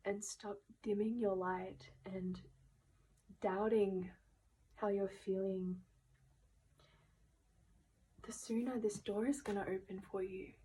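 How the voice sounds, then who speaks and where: A woman gives a gentle tarot reading in an unhurried, drawn-out way. Her voice is mellow and warm, and now and then it falls to a hushed whisper. She sounds earnest and moved as she talks. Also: mid-range voice, poor audio. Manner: gentle, slow and emotional, drifting into whispers. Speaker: tarot reader. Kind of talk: soft-spoken tarot reading.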